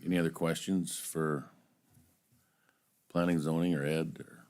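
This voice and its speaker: A man's voice: very deep voice, flat delivery, measured pace, darkish tone, clear, resonant tone. A man chairing a county meeting, calling on speakers briefly. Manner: brief, procedural.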